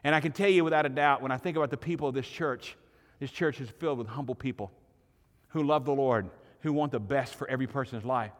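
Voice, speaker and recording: A man's voice: mid-range voice, quick pace, big-room sound. A pastor giving a sermon to his congregation in a church, preaching earnestly and building to emphatic points. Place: church sanctuary.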